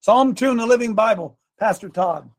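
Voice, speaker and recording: A man's voice: high voice, normal speed. A man preaching a fiery sermon, emphatic and sarcastic, reading scripture and calling out to the tech crew. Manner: shouting, emphatic, sarcastic asides. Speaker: pastor.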